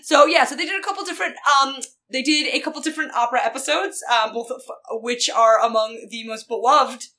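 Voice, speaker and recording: A woman co-hosting a casual, comedic chat, animated and laughing often, with lots of fillers. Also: high-pitched, brisk, hardly any pauses. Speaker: podcast co-host.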